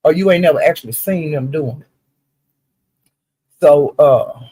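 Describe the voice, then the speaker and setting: A man with a slightly high, mellow, husky voice speaks at a measured pace. He recaps online live-stream drama as casual, animated gossip, swearing heavily and often calling out "honey" and "child."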